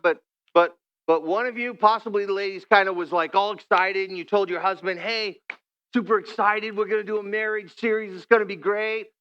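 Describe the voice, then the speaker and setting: A man's voice: a little high, smooth, dull audio. A man preaching a sermon as a pastor in a church, talking conversationally and playfully acting out quoted couples. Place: church sanctuary.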